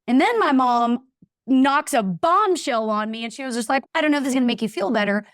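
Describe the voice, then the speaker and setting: A woman's voice: high-pitched, fairly quick, no room sound, clean studio sound. A woman guest telling a personal story in a casual interview, acting out the voices of people in it. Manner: animated, acts out voices in her anecdotes. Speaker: podcast guest.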